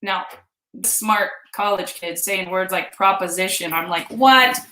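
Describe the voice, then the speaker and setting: A woman's voice: on the low side, flat delivery, unhurried, pushed and bright, a little hiss or hum. A woman in her fifties from Kansas, chatting animatedly as she tells her viewers a personal story. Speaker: vlog host. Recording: roomy echo.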